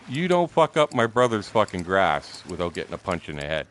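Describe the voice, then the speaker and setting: A man's voice: deep voice, very animated, brisk. A man in his sixties, a gaming streamer, telling a story in blunt, profane, casual talk. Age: 60s.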